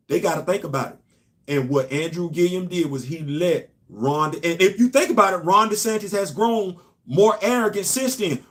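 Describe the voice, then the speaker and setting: Briskly, a middle-aged man from New York hosts a casual opinion show. He speaks emphatically, shifting between loud points and hushed asides.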